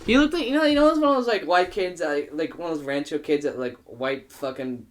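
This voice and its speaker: A young man, a podcast guest, telling a party story in casual chat, swearing and acting out quotes. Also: brisk. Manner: animated, profane, acts out quotes with big pitch jumps.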